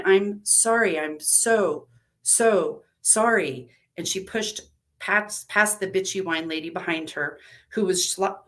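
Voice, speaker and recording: A woman storyteller reading a dark story aloud in an expressive, measured way. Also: lowish voice.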